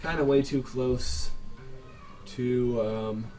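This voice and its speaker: A man talks through his city-building game at an unhurried pace, with chatty, joking asides. His voice sits at an ordinary middle pitch, with faint game music playing underneath. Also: fairly even intonation, warm tone. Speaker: let's play host. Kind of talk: casual gameplay commentary.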